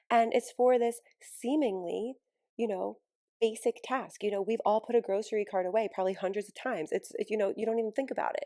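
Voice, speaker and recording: A woman's voice: mid-range voice, mellow, no echo, studio quality. A woman hosting a casual solo podcast, gushing and enthusiastic, laughing often between thoughts. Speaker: podcast host and healing coach.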